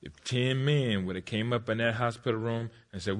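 A man in his forties preaching an energetic sermon with comic stories, laughing often and shouting at the peaks. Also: medium pitch, normal speed, hardly any pauses.

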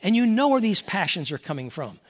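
A man's voice: high voice, big pitch swings, fairly quick. An older man, a pastor emeritus, preaching a folksy, earnest sermon and reading scripture aloud.

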